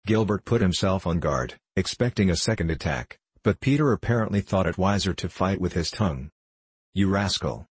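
Deep, husky male audiobook narrator. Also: animated, fairly quick, hardly any pauses, no room sound. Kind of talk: scripted narration.

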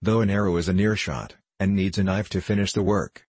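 Frontier scout, middle-aged, boastful and shrewd, folksy period speech, read by a man; low and husky. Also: steady tone, a little fast, a little mellow, dry recording. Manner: folksy old-fashioned speech. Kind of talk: audiobook character reading.

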